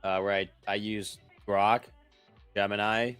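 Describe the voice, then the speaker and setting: A young man co-hosting a live trading stream, joking around quickly and swearing casually. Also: on the low side, level tone, fairly bright tone, clear, resonant tone, soft background music. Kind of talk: casual chat.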